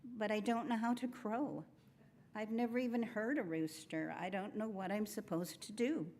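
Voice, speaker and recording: A woman's voice: mid-range voice, moderate pace, a little mellow, a little hiss or hum, voice pushed up, lightly acted. A woman voicing a young male rooster who is unsure and worried, speaking in an anxious, gloomy way.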